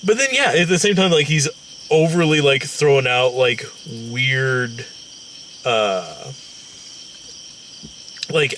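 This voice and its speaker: A man's voice: mid-range voice, fairly bright tone, recorded from a distance, slight background noise. A man co-hosting a casual movie review, talking in a rambling, slangy, profane way. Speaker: co-host.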